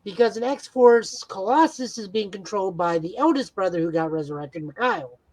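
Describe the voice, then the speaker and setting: A man's voice: sits high, expressive, moderate pace, darkish tone, rough recording. Guy rambling on his podcast, super into it, casual chat. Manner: rambling, enthusiastic fan talk. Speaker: podcast co-host.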